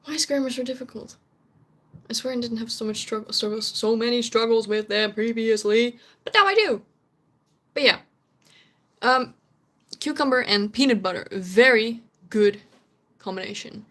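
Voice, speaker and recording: A woman's voice: fairly high pitch, fairly even intonation, normal speed, a bit bright. Young woman, from the Netherlands, native Dutch speaker, casual streamer chat, chatty, giggly, gropes for words. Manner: chatty, laughs often, searches for English words.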